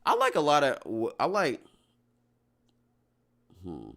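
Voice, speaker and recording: A man's voice: a little high, huge pitch swings, slow pace, gravelly, fairly bright tone. A young man chatting casually on a livestream, answering his chat in a loose, slangy, rambling way full of restarts.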